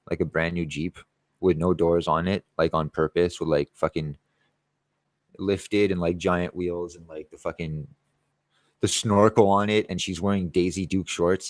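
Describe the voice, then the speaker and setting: Talking right into the camera for an informal vlog, a tree-cutting contractor rambles, brags, and curses nearly constantly in a deep, low-pitched voice. His recording sounds close and dry, with no room sound at all.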